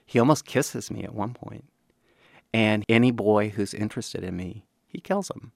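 Actor in his 50s, from Kansas City, emphatic interviewee, gravelly and low. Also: normal speed, a little mellow, no echo, studio quality. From Kansas City, USA. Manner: emphatic, acts out quoted voices. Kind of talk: candid interview.

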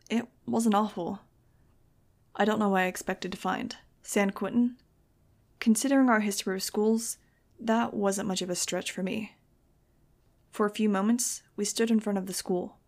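Gravelly woman narrating with wry sarcasm. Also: mid-range voice, fairly even intonation, moderate pace, darkish tone. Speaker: audiobook reader. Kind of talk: first-person novel narration.

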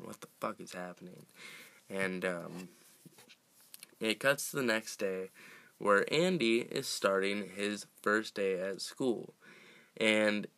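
Slow, low-voiced man recapping. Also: bright, forceful tone, no echo. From United States. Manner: rambling, laughs often, frequent restarts and fillers. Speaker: podcast host recapping a film. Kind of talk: casual film recap.

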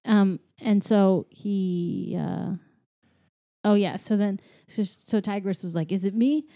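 Woman, casual movie recap, mellow warm tone, animated storytelling. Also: mid-range voice, takes it slowly, vocal fry. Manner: animated retelling, voicing characters playfully.

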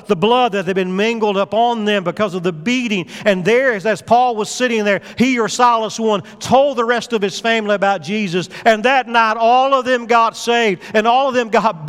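A man's voice: high voice, a bit bright, smooth, long reverb tail. A man preaching a fervent sermon as pastor, pressing his point with rising emphasis. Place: church sanctuary.

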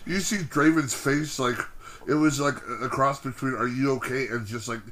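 A man's voice: medium pitch, moderate pace, a bit bright. A man co-hosting a casual podcast, telling rambling, exasperated stories about wrestling. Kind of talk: casual chat.

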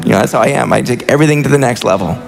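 Faint music and heavy reverb fill the church hall where a man in his thirties, the senior pastor, delivers a sermon in the sanctuary. He talks very fast in a mid-range voice with vocal fry, and his passionate, earnest delivery keeps breaking off into restarted sentences.

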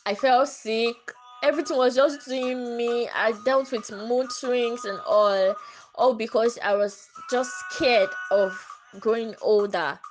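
A woman talks to her listeners in a casual solo podcast. Her voice sits fairly high and sounds a little stuffy from catarrh. She speaks earnestly, circling back to repeat phrases, with soft music faintly underneath. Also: fairly even intonation, slow, poor audio. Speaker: podcast host.

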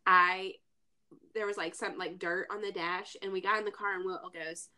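A bright-voiced woman with a Southern US accent chats loosely as a podcast co-host. She jokes around and fills her talk with likes and ums, and she sounds a bit stuffy. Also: on the low side, fairly even intonation, moderate pace. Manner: chatty, joking, many fillers. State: stuffy from sinuses. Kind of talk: casual chat.

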